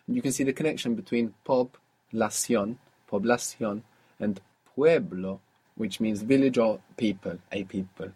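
Man, husky voice, language teacher, patient, asks questions, explains step by step. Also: mid-range voice, darkish tone. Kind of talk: guided audio language lesson.

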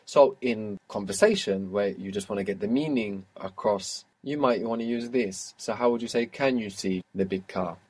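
Guy teaching a language lesson, calm and patient, keeps quizzing and saying good. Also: lowish voice, normal speed, hardly any pauses, breathy edge. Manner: patient, prompting questions and praising answers. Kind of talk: guided audio language lesson.

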